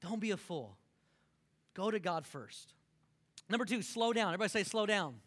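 A man from Texas, preaching a sermon in an animated, repetitive way and calling on the congregation to repeat after him. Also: high-pitched, normal speed. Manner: animated, repetitive, calls for audience response. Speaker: pastor.

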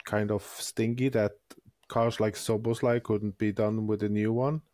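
Hesitant low-voiced man, dry sound. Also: little pitch movement, a little slow, dark tone, dry recording. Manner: hesitant, searching for words. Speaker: podcast co-host. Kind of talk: casual chat.

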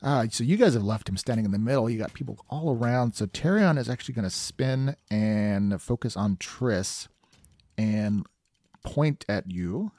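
A man's voice: lowish voice, lively intonation, moderate pace, mellow, no room sound. A man narrating a tabletop game as game master, reacting openly to the dice rolls.

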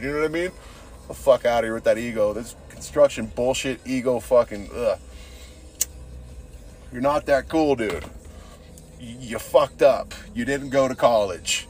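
A man's voice: medium pitch, normal speed. Crude rambling guy, constant cursing. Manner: rambling, crude, swears a lot, says dude constantly. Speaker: podcast host. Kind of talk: casual profane storytelling.

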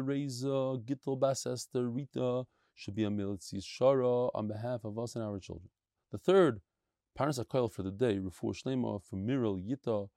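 A man giving a lively, chatty Talmud lesson, mixing Yiddish and Hebrew terms. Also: mid-range voice, no echo, clean studio sound. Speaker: Talmud teacher giving a daily daf shiur.

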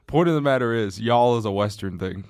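A man's voice: fairly low pitch, animated, brisk, a little mellow, no echo. Young man, podcast co-host, casual chat, laughs a lot, dry close sound. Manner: laughs often, chatty.

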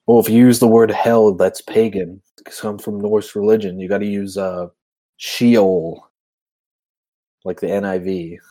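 A man's voice: lowish voice, level tone, measured pace, warm tone, no room sound. A man co-hosting a casual podcast chat, wry and joking, often laughing along. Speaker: podcast co-host.

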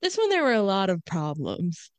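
A woman's voice: medium pitch, wildly swooping pitch, normal speed, smooth, dry recording. A woman co-hosting a film podcast, chatting casually and hedging with "like". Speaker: podcast co-host. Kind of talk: casual chat.

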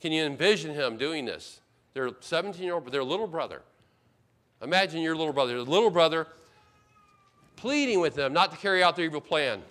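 A male pastor delivering an expository sermon in a slightly higher-than-usual voice. He moves between loud, emphatic declarations and soft, quiet asides, sometimes acting out the words of the characters he describes. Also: animated, a little fast. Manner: expository preaching, voicing Bible characters in paraphrase.

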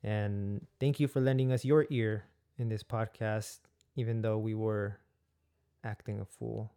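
A man's voice: fairly low pitch, fairly even intonation, unhurried, warm tone, clear, resonant tone. A man hosting a casual podcast, joking around and laughing often with his guest. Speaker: podcast host.

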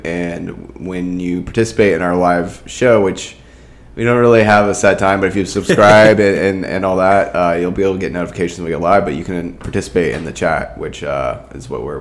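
A man's voice: sits low, fairly even intonation, a little fast. A young man co-hosting a podcast, chatting in a laid-back, rambling way and swearing casually. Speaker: podcast co-host. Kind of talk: casual chat.

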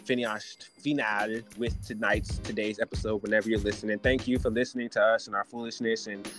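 A man hosting a podcast, ranting in an animated, joking and profane way with lots of restarts. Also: fairly low pitch, fairly quick, soft background music. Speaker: podcast host. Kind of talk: casual comedic podcast chat.

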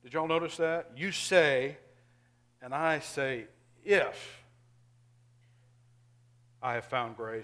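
A male pastor, preaching a sermon earnestly and emphatically, now and then dropping to quiet asides. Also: mid-range voice, unhurried, pauses often.

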